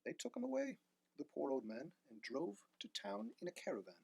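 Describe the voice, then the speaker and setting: A man reading a rhyming picture book aloud with animated delivery. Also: a little high, moderate pace, vocal fry, breathy edge, dry recording. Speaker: storyteller.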